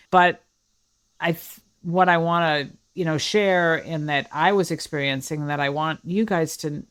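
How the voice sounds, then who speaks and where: Earnest, low-voiced woman podcast host. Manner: earnest and searching, thinks aloud with many restarts and "like". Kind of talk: reflective solo podcast talk.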